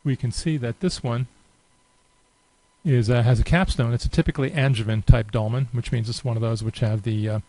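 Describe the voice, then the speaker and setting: A relaxed software demonstrator records his screen and narrates without a script, thinking out loud with many fillers. He speaks at a brisk clip in a mid-range voice, and the audio is poor.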